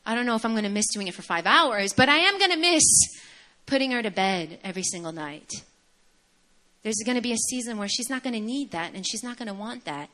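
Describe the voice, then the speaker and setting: A young woman preaching a sermon in a conversational, animated storytelling manner. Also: a little high, a little fast.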